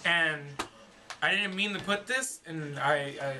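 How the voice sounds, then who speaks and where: A man's voice: on the high side, unhurried, sharp tone, a little hiss or hum. A man reading his own fan story to friends, rambling and correcting himself as he goes. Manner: rambling, self-correcting narration. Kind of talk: casual read-through with friends.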